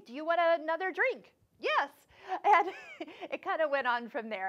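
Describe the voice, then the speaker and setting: A woman hosting a sewing channel tells her viewers a travel story in a casual vlog. Her voice sits high and moves animatedly, and she laughs easily and slips into the voices of people she met. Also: a bit bright. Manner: chatty, laughs often, acts out quoted voices.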